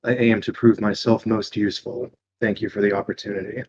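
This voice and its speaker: A humble, ancient warforged construct, voiced by a man in a low, flat voice with stiff, dutiful formality. The audio is muffled and lo-fi, with a crowd murmuring behind. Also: fairly quick, close to an everyday voice.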